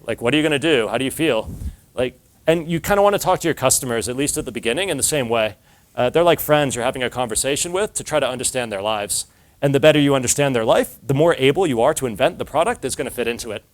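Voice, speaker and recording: A man's voice: medium pitch, expressive, quick pace. A man giving a casual talk to an audience, telling stories with lots of filler words and acted-out dialogue.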